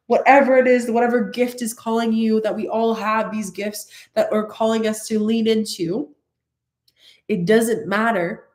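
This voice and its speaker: A woman's voice: fairly high pitch, normal speed, reverberant. A woman spiritual coach talking earnestly and directly to her viewers, often repeating herself for emphasis. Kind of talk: casual spiritual talk to viewers.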